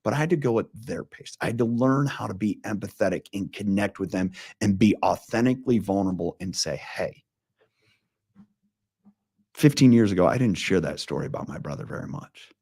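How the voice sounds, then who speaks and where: A man in his forties speaks earnestly about leadership, his husky voice sitting low. He talks with intensity, often restarting sentences as he tells stories. The sound is dry and close. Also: lively intonation, brisk, dark tone, dry recording. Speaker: leadership coach. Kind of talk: casual interview talk.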